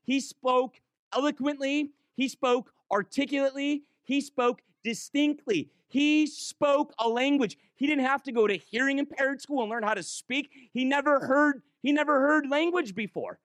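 A man preaching a sermon in church, impassioned, swinging between quick urging runs and slow, drawn-out emphasis. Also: extremely high pitch, fairly bright tone, no echo, clean studio sound.

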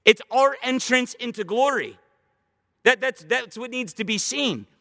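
A man preaching a sermon as pastor, animated, slowing down to stress scripture quotes. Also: extremely high pitch, vocal fry, in a large hall.

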